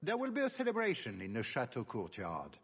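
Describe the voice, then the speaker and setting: An actor playing a pompous aristocratic duke who speaks in florid, courtly phrases. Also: male voice, mid-range voice, huge pitch swings, a little fast, fairly bright tone, husky, full character voice. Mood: gracious. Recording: long reverb.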